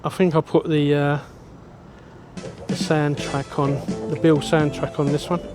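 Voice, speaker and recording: A man's voice: on the high side, level tone, a little slow, music in the background. A man with a London accent, chatting casually and cheekily while filming on a city street.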